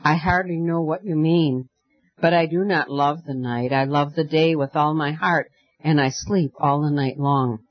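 A man voicing a gentle, wondering young girl in an audiobook story, speaking softly and tenderly. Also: fairly high pitch, fairly even intonation, measured pace, dry recording, muffled recording, close to an everyday voice. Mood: puzzled. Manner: soft, tender and kindly.

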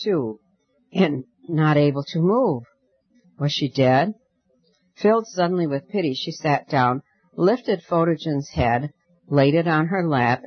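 A man narrating a fairy tale audiobook in a measured, gently expressive reading. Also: a little high, slightly rough, dry recording, highs cut off. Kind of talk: audiobook storytelling.

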